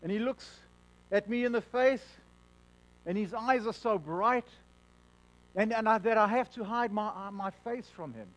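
A man preaching a sermon as pastor, earnest, stumbling over repeated words as he stresses a point, and dropping to a soft hush on solemn lines. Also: high-pitched, unhurried, long pauses, poor audio.

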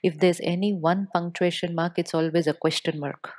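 A woman giving a spiritual talk to a live audience, speaking with deliberate pauses and putting questions to the listeners. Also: lowish voice, fairly even intonation, darkish tone.

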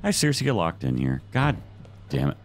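Super deep gravelly dude cursing through a game, voice swings all over. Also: male voice, sing-song, fairly quick, soft background music. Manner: profane, jumpy reactions. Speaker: gaming host. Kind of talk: let's-play commentary.

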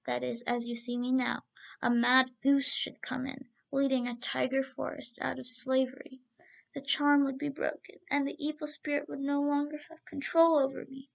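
A woman reading a soothing, gentle young man. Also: high-pitched, level tone, moderate pace, creaky. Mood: earnest. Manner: soothing, earnest. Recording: muffled lo-fi recording.

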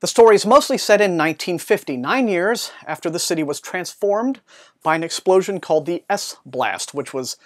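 A man's voice: high voice, lively intonation, moderate pace. Guy doing a book review on his channel, articulate, bit of dry humor.

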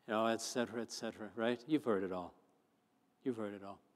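A man, a pastor, preaching a sermon, moving from chatty storytelling to fervent, loud emphasis. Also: on the low side, fast. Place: church sanctuary. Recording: long church hall reverb.

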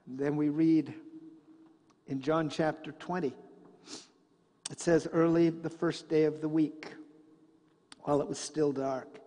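A man preaching a sermon in a church, telling a story and swinging between loud passages and hushed ones. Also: fairly high pitch, steady tone, unhurried, long pauses, long reverb tail. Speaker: pastor. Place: church sanctuary.

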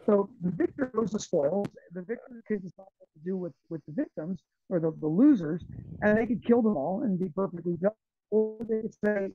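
Brief: high-pitched male interview guest, rambling storyteller, dry phone-quality audio. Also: a little fast. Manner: rambling, animated storytelling with frequent restarts. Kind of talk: conversational interview. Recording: tinny, phone-like dry sound.

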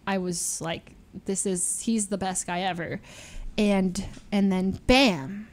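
A young adult woman streamer telling stories in casual chat, animated and full of fillers, acting out the voices she quotes. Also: medium pitch, slow.

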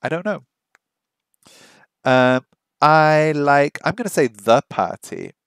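A man's voice: fairly high pitch, sing-song, takes it slowly, gravelly, clear, resonant tone, dry recording, studio quality. A man on a casual study stream, thinking aloud, repeating phrases over and over and joking at his own mistakes. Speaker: streamer learning a language. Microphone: streaming microphone that picks up his voice weakly.

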